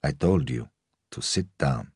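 Guy reading as a grim old russian guy with a rural english twang, gruff and slow, super deep husky voice. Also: expressive, a little mellow, dry recording, studio quality, exaggerated voice. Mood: menacing. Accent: Russian mixed with rural English. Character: menacing old Russian-born man holding a shotgun.

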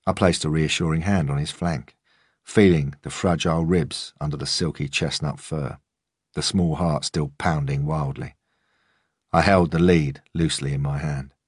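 Very deep husky male narrator. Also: dry recording, studio quality. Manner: calm, measured storytelling. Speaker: audiobook narrator. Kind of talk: first-person audiobook narration.

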